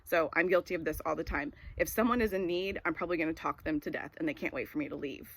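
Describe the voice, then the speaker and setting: A woman in her forties with a fairly low voice gives a casual devotional talk. She rambles through a personal story, full of "um" and "like", in an easygoing, conversational way. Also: fast talker, fairly bright tone. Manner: rambling, storytelling with filler words. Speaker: devotional speaker.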